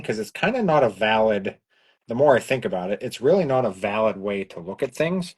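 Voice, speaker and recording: A man in relaxed conversation, chatting as he works through a build. He talks in a loose, easygoing way and thinks out loud, with plenty of restarts. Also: on the low side, breathy edge. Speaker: co-host of a building livestream. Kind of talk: casual chat while building.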